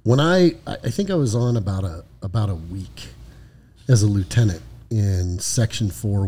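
Mellow-voiced man telling a war story. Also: on the low side, breathy edge. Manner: profane, frequent "right?" tag questions. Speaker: podcast co-host, former highway patrol lieutenant. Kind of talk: casual spoken storytelling.

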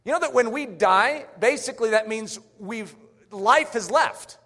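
Animated high-voiced male preacher in a hall. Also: a little slow. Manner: emphatic, repeating his rhetorical questions. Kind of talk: sermon. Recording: echoey hall reverb.

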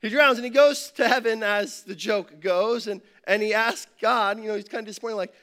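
High-voiced man preaching a sermon. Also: fairly quick, few pauses, a bit bright. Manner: conversational preaching, tells a joke with rhetorical questions. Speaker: campus pastor.

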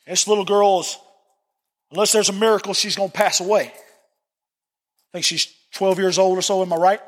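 A man's voice: high voice, a bit bright, long reverb tail. A man preaching a sermon to a church congregation, earnest and repeating phrases for emphasis. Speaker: pastor. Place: church sanctuary.

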